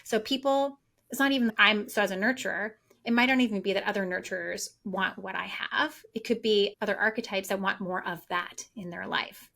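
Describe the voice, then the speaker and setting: A woman business coach talking excitedly and at length in a casual podcast conversation. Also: mid-range voice, a little fast, vocal fry.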